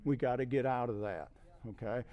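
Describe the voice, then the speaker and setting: A middle-aged man preaching a conversational sermon as a guest speaker, often checking in with "okay?" and building to emphatic, loud peaks. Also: medium pitch, normal speed, highs cut off. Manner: repeats "okay?" to check in with listeners.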